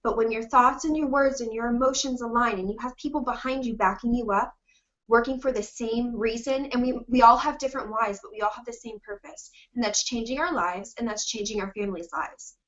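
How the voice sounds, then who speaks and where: A woman's voice: a little high, brisk, fairly bright tone, dull audio. A woman giving an earnest, encouraging motivational talk to her sales team, fighting back tears as she speaks.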